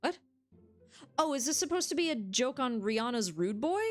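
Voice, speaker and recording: Excitable swearing woman streamer. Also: on the high side, moderate pace, faint music behind. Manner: excitable, swears freely, reads all game dialogue aloud. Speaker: game streamer. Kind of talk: casual let's-play commentary.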